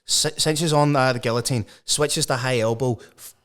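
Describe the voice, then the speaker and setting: A man talks fights on a podcast, eager and sweary. His voice is smooth and clear, sitting at a middling pitch. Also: fairly even intonation, moderate pace, fairly bright tone. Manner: enthusiastic, sweary, previewing fights. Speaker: podcast co-host. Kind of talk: casual chat about MMA.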